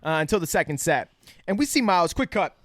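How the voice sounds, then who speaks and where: A man talks through a film scene on a podcast, swearing as he goes and barking out the lines he quotes. His voice sits a little high and sounds close and dry. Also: sing-song, fast talker, no room sound. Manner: profane, loud acted-out quotes. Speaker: podcast co-host. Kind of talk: casual movie review chat.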